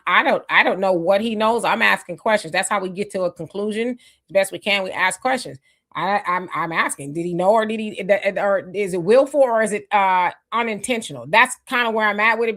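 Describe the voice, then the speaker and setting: A woman's voice: mid-range voice, a bit bright. A woman co-hosting a live stream in casual talk, reading viewer comments aloud and greeting people by name. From United States. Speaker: livestream co-host.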